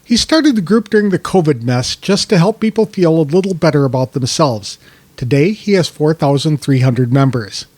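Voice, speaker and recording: A man's voice: a little high, lively intonation, moderate pace, darkish tone, dry recording. A man hosting a podcast, reading an introduction and then asking a guest friendly questions over a video call. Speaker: podcast host. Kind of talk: scripted intro then interview chat.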